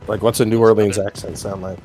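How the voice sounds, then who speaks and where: Laid-back low-voiced male streamer. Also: flat delivery, fast talker, a little mellow, faint music behind. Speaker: streamer playing with friends. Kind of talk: casual gaming chat.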